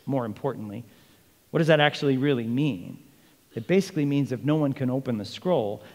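Man, pastor preaching, animated delivery, acts out quotes, slightly high voice, echoing church hall. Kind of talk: sermon. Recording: long reverb of a large hall.

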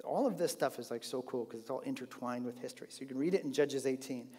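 A man teaching a Bible lesson in an animated, conversational way with frequent restarts. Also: mid-range voice, fast. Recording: long hall reverb.

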